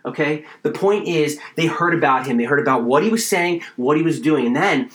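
A man's voice: fairly high pitch, animated, fairly quick, few pauses, echoey room. A man preaching a sermon, reading scripture aloud and explaining it with growing fervor. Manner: expository preaching, reads scripture then explains, builds to fervor. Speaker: pastor.

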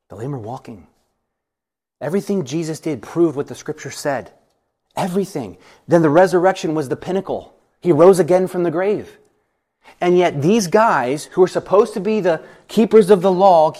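A man leading a Bible study, reading verses and explaining them in an animated, lively way, acting out voices and laughing often. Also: on the high side, husky.

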